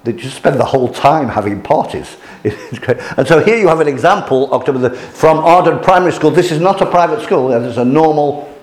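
A man's voice: a little high, animated, a little fast, few pauses. A man giving an informal lecture to a class, hesitant with many restarts and fillers, chuckling at his own jokes. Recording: roomy hall echo.

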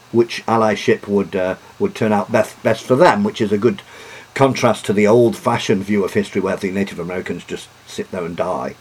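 A man's voice: lowish voice, breathy edge. A man giving a history lecture, hesitant, with many fillers and restarts.

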